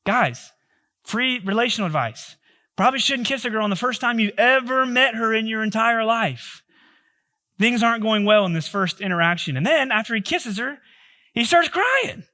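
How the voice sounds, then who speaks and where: A man's voice: sits high, animated, normal speed, bright, forceful tone. A male pastor giving a sermon, telling a story in a joking, conversational way.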